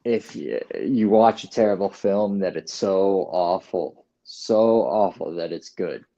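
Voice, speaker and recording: A man co-hosting a podcast, talking slowly and casually, often agreeing and laughing along. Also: deep voice, gravelly, warm tone. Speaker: podcast co-host. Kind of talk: casual film discussion. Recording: dull lo-fi mic.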